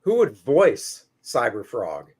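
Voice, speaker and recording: A man's voice: mid-range voice, huge pitch swings, takes it slowly, a little mellow, breathy edge. A man hosting a casual interview show, easygoing, asking questions and reading out viewer comments. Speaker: show host.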